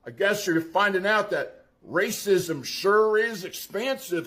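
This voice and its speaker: A man's voice: high-pitched, lively intonation, slow, few pauses, fairly bright tone. A man giving a profane, mocking political rant. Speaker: political commentator.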